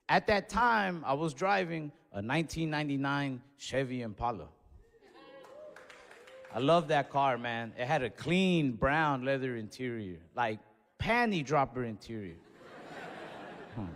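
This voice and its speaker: A man doing stand-up comedy, telling a story in an animated way and acting out what people said. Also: mid-range voice, long reverb tail. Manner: animated storytelling with acted-out quotes.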